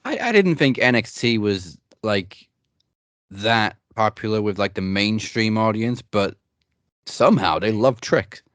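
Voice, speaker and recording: Man, low voice, lively, wry joking, casual podcast chat, dry sound. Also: measured pace, no echo. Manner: wry, joking, runs the points segment. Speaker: podcast co-host.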